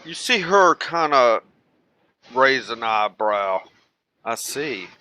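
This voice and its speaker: A young man narrates a homebrew tabletop game as its game master. He talks slowly, stopping often on fillers and restarts. His voice is bright with a tight edge. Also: medium pitch, expressive, smooth, poor audio. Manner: slow, halting narration with fillers.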